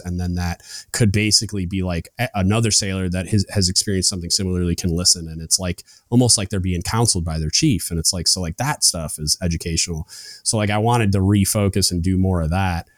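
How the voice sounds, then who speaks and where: A man's voice: sits low, quick pace, no room sound, studio quality. A young man hosting a podcast, talking loosely with many fillers and restarts. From United States. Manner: rambling, lots of fillers and restarts. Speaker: podcast host. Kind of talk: casual chat.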